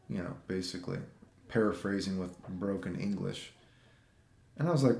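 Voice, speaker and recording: A man telling travel stories in a casual, rambling vlog, swearing and getting animated as he retells run-ins. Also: lowish voice, fairly quick, vocal fry, roomy sound. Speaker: vlogger.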